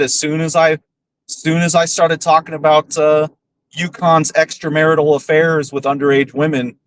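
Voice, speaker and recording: A man's voice: on the high side, a bit bright, no room sound, rough recording. A man hosting a podcast, ranting bluntly and profanely with scorn. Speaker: podcast host. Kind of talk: casual ranting commentary.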